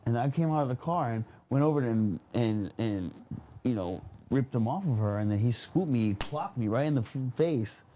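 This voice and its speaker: A man on a podcast spins a story in loose, slangy chat, his pitch bouncing all over the place. He laughs easily and keeps tossing in filler phrases as he goes. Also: animated, moderate pace, mellow, a little hiss or hum. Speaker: podcast guest.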